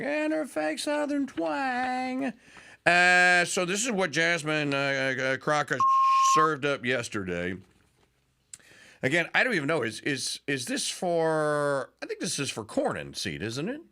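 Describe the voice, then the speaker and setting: A man's voice: a little high, big pitch swings, unhurried, noisy background. A man hosting a political talk radio show, delivering a sarcastic, mocking monologue and sometimes mimicking politicians.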